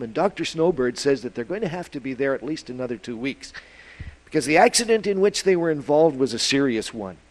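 A man telling a children's story at church, in a folksy, lively way with plenty of fillers. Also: medium pitch, rough recording.

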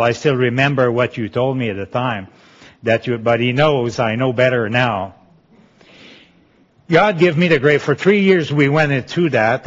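Quebecois-accented man giving earnest testimony. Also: medium pitch. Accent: Quebecois French. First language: French. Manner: earnest, halting, with restarts and pauses. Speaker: speaker giving a Christian testimony. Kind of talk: personal testimony talk. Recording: dull lo-fi sound.

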